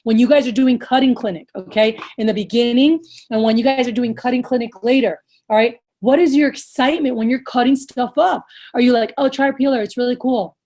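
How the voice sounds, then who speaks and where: Blunt, energetic woman coaching a team. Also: fairly quick, hardly any pauses. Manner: blunt, energetic, swears casually; acts out lively sales pitches. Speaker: sales manager trainer. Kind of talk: casual coaching talk.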